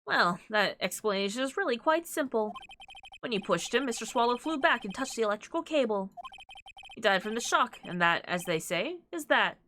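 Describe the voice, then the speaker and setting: A woman's voice: a little high, expressive, normal speed, sharp tone, slight background noise. A woman voicing a smug, condescending male prosecutor in a courtroom video game.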